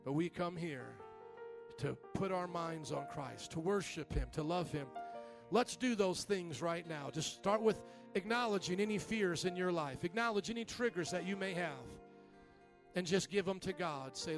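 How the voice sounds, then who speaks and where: A male pastor giving an animated sermon in a church, calling for amens from the congregation. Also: high-pitched, normal speed, vocal fry, music in the background. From Italian-American family. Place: church sanctuary.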